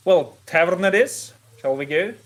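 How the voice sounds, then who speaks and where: A man playing a tabletop game, speaking in halting sentences with frequent restarts. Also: sits high, animated. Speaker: player. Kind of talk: casual chat in a tabletop game.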